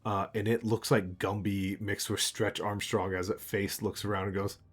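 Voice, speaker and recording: Man, game master narrating a tabletop game, lowish voice, playful, quick to laugh. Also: flat delivery, husky.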